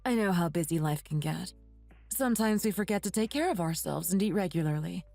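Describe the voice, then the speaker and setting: A woman voicing a meek, apologetic older mother who speaks gently. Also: lowish voice, lively intonation, brisk, creaky, no echo, soft background music.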